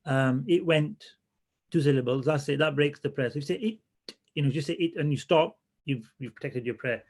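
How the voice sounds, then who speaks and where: A man teaching a religious class in a relaxed, conversational way, often restarting his sentences as he thinks aloud. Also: on the high side, fairly quick. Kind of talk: casual classroom lesson.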